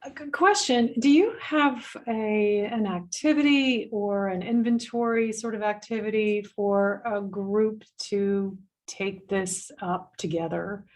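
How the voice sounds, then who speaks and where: A woman's voice: medium pitch, slow. Woman, audience question on a video call, friendly, hesitant phrasing. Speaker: audience member asking a question. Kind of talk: question in an online Q&A.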